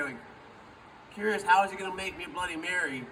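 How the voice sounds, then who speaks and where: A man's voice: high voice, fast talker. A man speaking as a friend at a memorial, telling an informal story and acting out the quoted dialogue. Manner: acts out quoted dialogue with lively shifts. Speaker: friend giving a memorial speech. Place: memorial gathering. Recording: distant mic with faint background noise.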